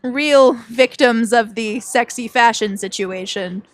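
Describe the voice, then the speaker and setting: A woman co-hosting a podcast, chatting casually over gameplay in an animated way and laughing often. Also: a little high, slow pace. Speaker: podcast co-host.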